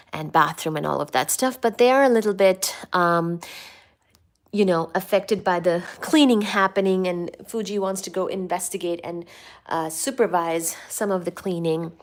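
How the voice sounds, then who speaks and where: A woman chatting casually on a home live stream, greeting viewers and reading their comments aloud. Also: moderate pace. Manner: reads viewer comments aloud, coos to her cats in a high baby voice. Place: home, upstairs room.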